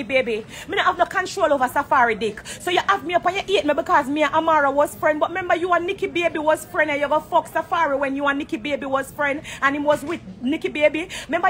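A Jamaican woman in her forties goes live on her phone from a corner of an airport, venting in heated, profane patois. Her voice sits high, and a faint hum of background noise runs under it. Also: fairly bright tone. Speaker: celebrity going live. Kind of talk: phone livestream rant.

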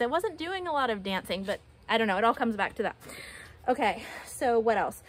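A young woman with a slightly high voice teaches pottery while she works at a studio table. Her delivery is chatty and playful, and she sounds a little out of breath. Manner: chatty, playful, self-deprecating. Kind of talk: casual demonstration lesson.

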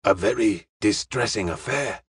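A man's voice: on the low side, husky, dry recording, studio quality, heavily acted. Man voicing a courteous, formal detective. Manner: measured, courteous, clipped formal phrasing. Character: polite, formal middle-aged male detective. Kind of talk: audiobook character reading.

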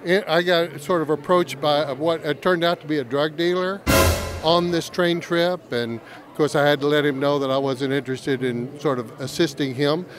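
A man's voice: a little high, steady tone, moderate pace, music in the background. Wry man rambling through anecdotes. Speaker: interviewee. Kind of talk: casual joking chat. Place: busy travel expo hall.

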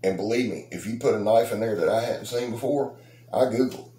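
A man's voice: lowish voice, fairly quick, dark tone. A middle-aged man, hosting a knife channel and chatting casually to his subscribers in a rambling, joking, boastful way. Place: outdoors. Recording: roomy echo with faint noise.

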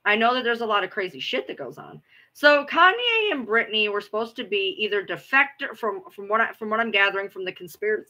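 A woman's voice: mid-range voice, bright, forceful tone. A woman host chatting casually with viewers, rambling, repeating herself and swearing now and then. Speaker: livestream host. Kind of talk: casual chat answering viewers.

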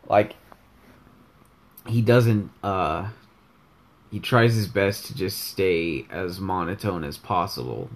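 A young man casually commentating his own gameplay, joking around, rambling and correcting himself as he goes. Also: lowish voice. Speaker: gaming video host.

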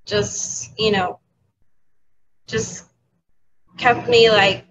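Candid woman with a high voice, lo-fi. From New York City. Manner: candid, halting, with soft laughs. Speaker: educator, interview guest. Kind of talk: emotional interview talk. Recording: dull lo-fi audio with clear background noise.

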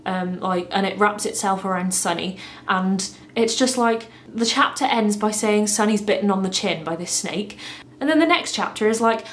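A woman's voice: mid-range voice, moderate pace, a little hiss or hum. A woman chatting casually in a vlog about the book she is reading, giggly and self-mocking, filmed at home on a handheld phone. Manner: giggly and chatty, laughs at herself. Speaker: book vlogger. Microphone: handheld phone camera.

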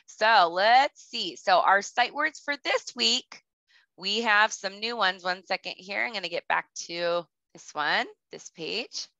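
A woman kindergarten teacher leading a recorded lesson for young children, speaking slowly and clearly, with patient prompts. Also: medium pitch, bright, forceful tone, no room sound. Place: home. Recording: slightly dull lo-fi audio.

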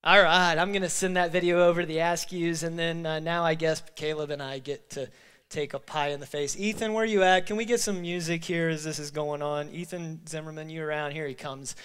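A man's voice: fairly high pitch, fairly even intonation, brisk, a bit bright, smooth. Emotional pastor rallying his congregation. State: stuffy nose from crying. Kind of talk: closing remarks at a church service. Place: church sanctuary.

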